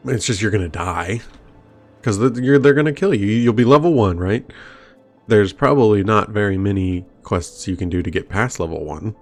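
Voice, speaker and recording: A man's voice: fairly low pitch, moderate pace. A man streaming a game, rambling and wondering aloud as he plays. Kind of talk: casual gameplay commentary. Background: faint game music.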